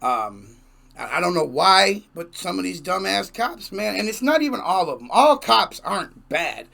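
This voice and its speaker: A man's voice: high voice, big pitch swings, moderate pace, gravelly, pushed and bright. A man hosting a music reaction video, talking in casual, emphatic commentary and repeating himself for effect.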